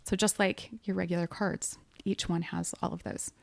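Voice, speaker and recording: A woman's voice: lowish voice, little pitch movement, moderate pace, vocal fry, no echo. A woman co-hosting a casual podcast, explaining tarot cards in a chatty, easy way with bursts of laughter. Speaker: podcast co-host, medium.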